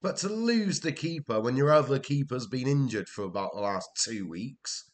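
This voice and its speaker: A man's voice: mid-range voice, expressive, moderate pace. Exasperated Welsh man commenting on gameplay. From Wales. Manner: exasperated, swearing, talking to himself.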